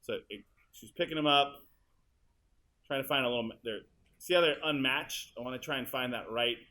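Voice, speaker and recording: A male teacher walking students through an editing demonstration in a high school classroom, casual and chatty as he works. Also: moderate pace, pushed and bright. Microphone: room mic, uneven audio quality.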